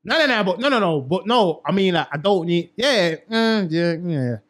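A man's voice: sits high, animated, normal speed. A young man, co-hosting a casual chat show, talking in slang and repeating himself for emphasis. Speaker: podcast co-host.

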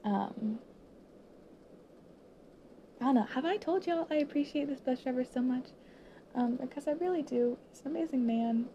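Teary and choked up, a young woman in her late teens who is in high school speaks to viewers in an emotional, halting monologue with many pauses, often slipping into whispers. The sound is mellow and lo-fi, with slight background noise.

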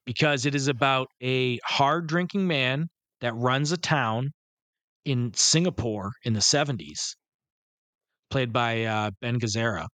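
A man's voice: mid-range voice, a little slow, sharp tone, no echo. Rambling man on a podcast. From Canada. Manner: rambling, swears, trails off mid-thought. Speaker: podcast co-host. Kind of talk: casual film chat.

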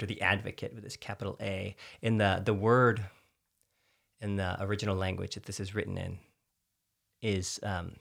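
A man's voice: on the low side, flat delivery, normal speed, vocal fry, a bit bright. A man with a Texan accent, co-hosting a casual chat about faith and explaining scripture in an earnest, storytelling way. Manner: earnest, storytelling, filler-heavy.

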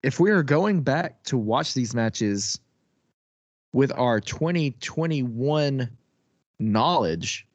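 A man co-hosting a casual podcast chat, excitable, laughing often and swearing casually. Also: mid-range voice, takes it slowly, no room sound. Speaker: podcast co-host.

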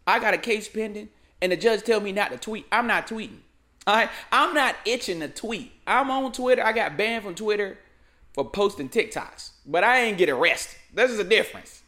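A man's voice: high voice, moderate pace. A young man hosting a comedic commentary show, ranting loosely in slangy casual speech. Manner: animated, slangy, keeps saying "man".

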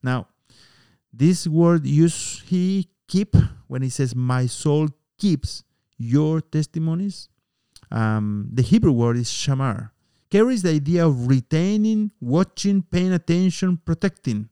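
Man preaching a sermon, slow and deliberate, mellow smooth voice, earnest and emphatic. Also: on the high side, animated, no room sound, studio quality. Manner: earnest, emphatic, with pauses and fillers.

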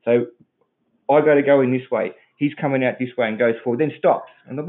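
Aussie bloke ranting fast, swears constantly, tinny phone-like sound. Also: male voice, mid-range voice. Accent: Australian. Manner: sweary, blunt, rambling. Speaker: podcast co-host. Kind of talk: crude casual rant.

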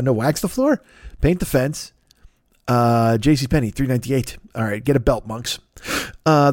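A man's voice: medium pitch, darkish tone, no room sound, studio quality. A man hosting a podcast, chatting casually and riffing on tangents with crude, jokey humor. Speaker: podcast host. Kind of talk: casual, rambling promo chat.

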